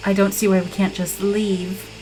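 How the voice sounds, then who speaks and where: A woman's voice: medium pitch, flat delivery, normal speed, a little mellow, soft background music, poor audio. Casual woman player at the table. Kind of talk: tabletop role-play chat.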